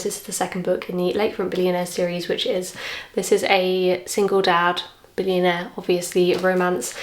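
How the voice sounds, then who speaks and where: A young English woman chatting to camera as a book vlogger, excitable, with quick asides. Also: lowish voice, slight background noise. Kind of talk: casual chat to camera. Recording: echoey room.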